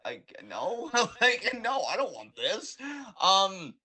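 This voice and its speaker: A man's voice: sits high, big pitch swings, slow pace, bright, forceful tone. A man co-hosting a podcast, ranting in casual, profane, rambling chat. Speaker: podcast co-host.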